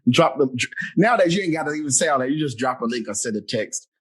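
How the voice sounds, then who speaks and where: Husky, animated male podcast host. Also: mid-range voice, fast. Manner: playful, laughing, repeats words. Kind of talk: casual chat.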